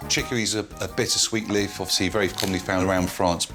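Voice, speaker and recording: Deep-voiced, boastful English man. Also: fairly even intonation, quick pace. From southern England. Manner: upbeat, boastful. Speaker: contestant hosting a dinner. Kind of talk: casual to-camera chat. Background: music bed.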